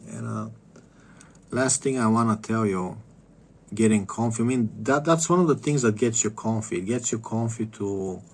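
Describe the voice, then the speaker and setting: A man streaming a game, rambling in a profane, contemptuous rant that keeps trailing off into low mutters. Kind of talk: casual rant while gaming.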